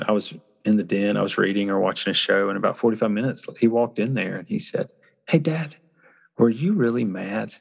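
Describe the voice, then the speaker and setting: A man's voice: on the low side, vocal fry. A man speaking reflectively and earnestly in casual conversation, often restarting his sentences as he tells a personal story. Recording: long hall reverb.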